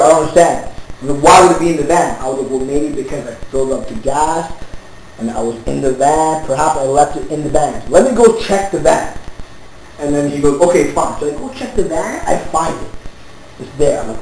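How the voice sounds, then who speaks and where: Guy telling a story to his buddies, cursing, acting out the argument, really roomy echo and a bit of hum. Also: on the high side. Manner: animated, swears, acts out both sides of an argument. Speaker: storyteller among friends. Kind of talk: casual anecdote. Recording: very echoey room with faint ambient noise.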